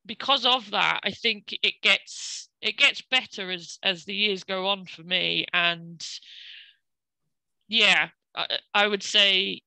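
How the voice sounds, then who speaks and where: A woman with an English accent, a guest chatting casually and warmly with many fillers. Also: medium pitch, takes it slowly, vocal fry, smooth, no room sound, poor audio. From England, London. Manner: chatty, frequent fillers and laughs. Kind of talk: casual conversation.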